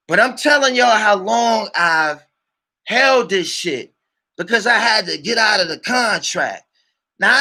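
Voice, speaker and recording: A man telling a heated personal story to his channel, swearing often and shouting when worked up. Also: high-pitched. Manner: repeats "you dig what I'm saying". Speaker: channel host. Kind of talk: storytelling vlog monologue.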